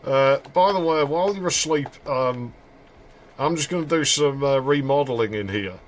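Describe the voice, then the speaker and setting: A streamer with a mid-range voice talks at a normal pace, offering joking, rambling commentary as he plays a game.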